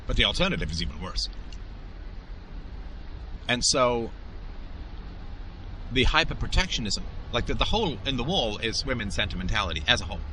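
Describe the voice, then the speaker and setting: Forceful low-voiced man lecturing. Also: a little hiss or hum. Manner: emphatic, lecturing, acts out quoted voices. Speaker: podcast host. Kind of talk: opinionated monologue.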